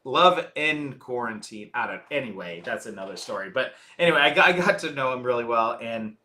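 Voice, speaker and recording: A man talks about his film in a casual interview, his voice bright and edged. He tells stories in an animated way and often laughs as he goes. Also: mid-range voice, fairly quick. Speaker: filmmaker, guest.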